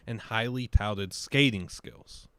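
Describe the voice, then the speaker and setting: A man on a sports podcast, giving mock-serious, deadpan reports in casual chat. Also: on the low side, slow pace, smooth, no echo.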